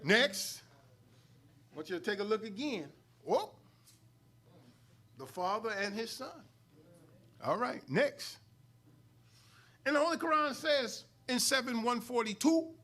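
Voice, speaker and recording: Speaking slowly and pausing often, a middle-aged student minister from New York uses a very high, pushed, bright, animated voice. His sermon-style lesson in a mosque hall surges into emphatic highs as he calls out to the congregation.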